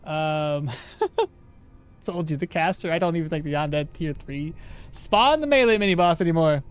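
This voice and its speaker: A man's voice: fairly high pitch, moderate pace, smooth. A man streaming a game live, chatting casually with his viewers and laughing often as he plays. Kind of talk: live gameplay commentary to chat.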